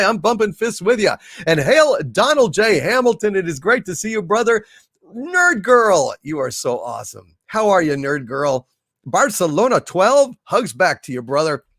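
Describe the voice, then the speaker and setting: A man's voice: fairly high pitch, a bit bright, no echo. A man hosting a livestream, casually reading donations aloud and effusively hailing viewers by name on a close mic. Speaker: livestream host.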